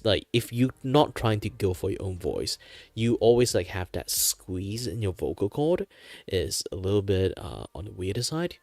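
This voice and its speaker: A man from Malaysia chatting casually on his art livestream, rambling with many fillers and frequent chuckles in a relaxed, low natural voice. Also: no echo. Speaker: VTuber art streamer.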